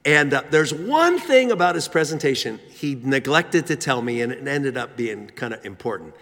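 A man's voice: mid-range voice, very animated, normal speed, fairly bright tone. A man preaching a sermon, telling a story with rhythmic repetition. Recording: long hall reverb.

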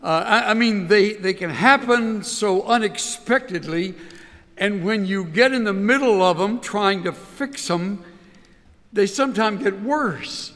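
A man telling stories in a sermon, halting and repeating words with many fillers. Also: sits high, fairly bright tone. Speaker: speaker telling illustrative stories. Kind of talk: sermon-style storytelling. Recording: long hall reverb.

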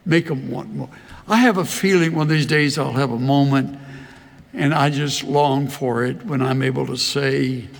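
An older man preaching a sermon, telling folksy stories in a slow, easy drawl. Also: mid-range voice, fairly even intonation, vocal fry, long reverb tail. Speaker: pastor. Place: large church hall.

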